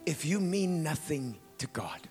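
A man preaching a sermon in a church. He tells a story softly, drops to near whispers, then rises to shouting praise and speaks in tongues. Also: fairly high pitch, expressive, unhurried, big-room sound, soft background music.

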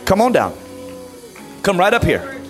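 A man leading an altar call in church, urging people forward and then praying aloud in rising, fervent shouts. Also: high-pitched, huge pitch swings, measured pace. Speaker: pastor. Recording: music playing behind.

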